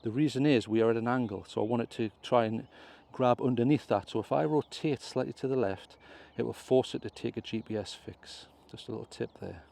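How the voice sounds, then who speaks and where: Man, warm mellow tone, chatty step-by-step drone tutorial outdoors. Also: mid-range voice, brisk, vocal fry, few pauses. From England. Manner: chatty step-by-step explaining, self-correcting. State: clearing his throat, slight cough. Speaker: drone vlogger. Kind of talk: casual tutorial commentary. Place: outdoors on a hill.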